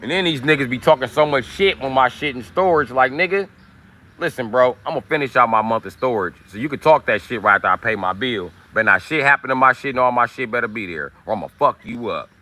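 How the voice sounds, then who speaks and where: A man rants on his livestream, swearing freely and combatively. His voice is bright and forceful, with a tense edge. He talks in a loose, casual way. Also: mid-range voice, animated, quick pace. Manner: profane, combative ranting. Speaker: livestream host.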